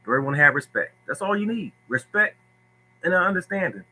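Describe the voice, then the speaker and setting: A man hosting a lottery livestream talks bluntly to his viewers and hammers every point home by repeating it. His voice is very bright and sharp, with a husky, raspy edge. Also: sits high, expressive, fairly quick, low-quality recording. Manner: blunt, preachy, repeats himself. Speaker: lottery tips host. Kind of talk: livestream talk answering viewers.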